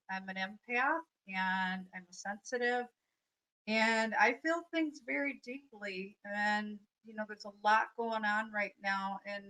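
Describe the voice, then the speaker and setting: Bright-voiced woman giving a spiritual talk. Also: mid-range voice, rough recording. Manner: earnest, reflective, with many fillers. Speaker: life coach and energy healer.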